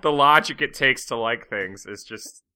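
A man co-hosting a casual podcast chat, teasing the others in a relaxed way. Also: mid-range voice, moderate pace, clear, resonant tone. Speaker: podcast co-host.

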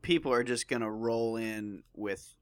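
A young man co-hosting a podcast, excitable and quick to jump in with jokes in casual chat. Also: mid-range voice. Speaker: podcast co-host.

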